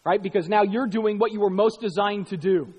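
A man's voice: sits high, fairly quick, a little mellow, slightly rough, in a large hall. A middle-aged man preaching a sermon as pastor, telling a story animatedly and acting out the quoted lines himself.

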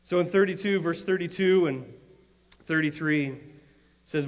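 A man's voice: on the high side, moderate pace, long pauses. A man preaching a sermon, telling a story in a loose, conversational way with frequent restarts, then rising to emphatic, impassioned cries. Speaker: pastor. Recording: long hall reverb, dull lo-fi sound.

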